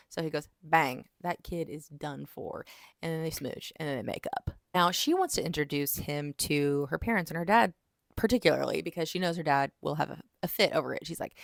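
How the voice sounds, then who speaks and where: A woman giving a casual, animated book review, retelling the plot and dropping in quick voices for the characters. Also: deep voice, creaky, dry recording, studio quality.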